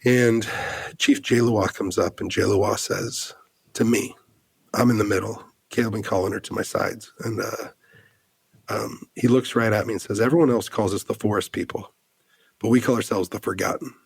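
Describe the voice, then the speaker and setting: Man from the US, gravelly and husky, earnest halting storytelling, dry close sound. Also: lowish voice, steady tone, no echo. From United States. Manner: earnest, halting, many fillers and restarts. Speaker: podcast guest. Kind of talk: emotional personal storytelling.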